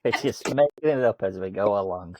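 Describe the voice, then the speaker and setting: A man's voice: lowish voice, lively intonation, brisk, mellow, slight background noise. A man co-hosting a casual coaching podcast, self-mocking and laughing often. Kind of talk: casual chat.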